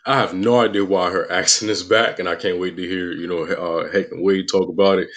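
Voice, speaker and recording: A man's voice: deep voice, steady tone, a little fast, a bit bright. A man from New York chatting casually on a podcast, laid-back and slangy as he theorizes aloud.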